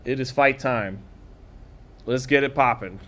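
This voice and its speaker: Chatting casually as he hosts a boxing watch-party stream, a man reads comments from viewers and delivers fast, blow-by-blow calls of the fight. His mid-range voice has a sharp tone.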